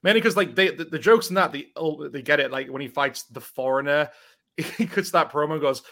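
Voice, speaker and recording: A man co-hosting a casual wrestling chat, talking quickly with frequent laughs and asides. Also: on the high side, fairly bright tone. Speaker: podcast co-host.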